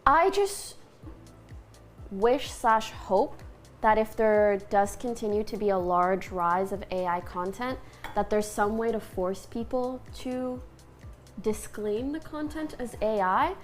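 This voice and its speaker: A young woman chatting as a guest in a kitchen, animated and blunt, laughing often and swearing freely. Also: mid-range voice, slow, faint music behind. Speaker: guest streamer. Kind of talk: casual chat.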